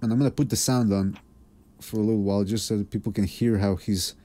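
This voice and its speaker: Man, podcast host, warm dark tone, rambling, laid-back, casual chat. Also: fairly low pitch, steady tone, quick pace.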